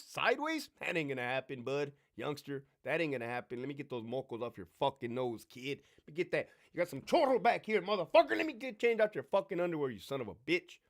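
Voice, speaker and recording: Middle-aged male streamer, brash and foul-mouthed, lively voice that swoops up and down, slightly high. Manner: brash, swearing, animated storyteller mimicking others. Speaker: livestream host. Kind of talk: profane live Q&A storytelling.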